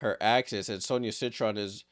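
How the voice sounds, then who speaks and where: Guy doing casual play by play on his stream, gets loud and high on big plays, laughs and talks to chat. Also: moderate pace. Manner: excitable, rises in pitch on big plays, drops low and quiet for side remarks. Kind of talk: casual live play-by-play commentary with chat asides.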